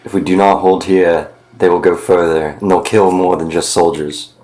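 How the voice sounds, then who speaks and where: A man playing a tabletop game, speaking in character in a firm, measured and resolute way. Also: sits low, level tone, darkish tone. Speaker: player.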